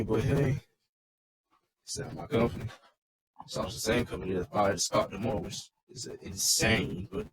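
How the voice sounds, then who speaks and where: A man's voice: on the low side, poor audio. A man casually recapping a wrestling show in a loose, rambling, swearing rant.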